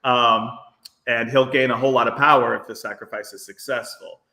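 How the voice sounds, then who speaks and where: A man's voice: mid-range voice, fairly even intonation, brisk, pushed and bright, echoey room. A man with a faint Brooklyn accent, co-hosting a podcast and recapping an episode in a rambling, filler-heavy casual chat. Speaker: podcast co-host.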